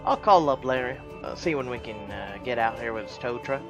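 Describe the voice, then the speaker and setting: A man voicing a friendly, easygoing young cowboy, speaking softly and in a low-key way. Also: animated, a little fast, over music, natural voice. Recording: dull lo-fi audio.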